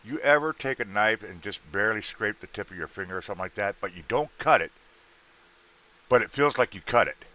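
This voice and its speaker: A man's voice: lowish voice, expressive, brisk, sharp tone. A man hosting a casual livestream, chatting loosely with viewers, greeting them by name and joking around, his voice a little worn. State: voice worn out from an earlier show. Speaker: livestream host.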